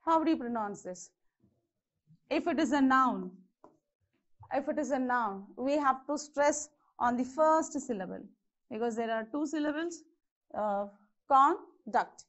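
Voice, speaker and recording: High-voiced woman teaching grammar. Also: expressive, measured pace, long pauses. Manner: repeats words and checks in with "okay". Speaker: English teacher. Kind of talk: classroom grammar lesson. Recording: slightly dull lo-fi lesson audio.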